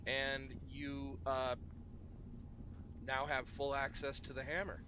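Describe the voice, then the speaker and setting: Relaxed man game master, hissy audio. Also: medium pitch, slow pace. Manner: relaxed, rambling, many ums. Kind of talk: narrating a tabletop game. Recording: muffled with steady background noise.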